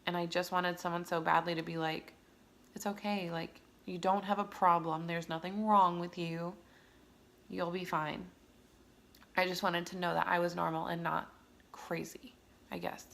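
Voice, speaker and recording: Young woman, candid vlog talk, low gravelly voice, rambling with fillers. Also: flat delivery, normal speed, fairly bright tone. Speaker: mother sharing her story.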